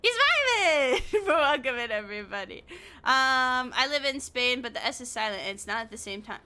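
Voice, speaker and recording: A woman streamer chatting casually while she plays, excitable and quick to swear, often breaking into laughter. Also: on the high side, clear, resonant tone. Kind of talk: casual live-stream chat.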